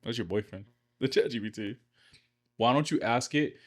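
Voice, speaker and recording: A man co-hosting a podcast, chatting casually in a flat, low-key, monotone way. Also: moderate pace, faint music behind. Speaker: podcast co-host. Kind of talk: casual chat.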